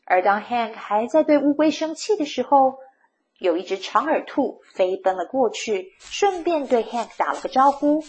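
A woman storyteller reading a picture book aloud to children, retelling each page in a slow, expressive way. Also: fairly high pitch.

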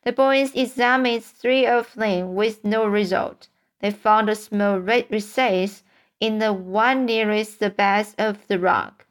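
A woman reading a children's storybook aloud in a halting way, often stumbling over words and starting them again. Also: medium pitch, steady tone, clear, resonant tone. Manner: halting, frequent stumbles and restarts. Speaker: audiobook reader.

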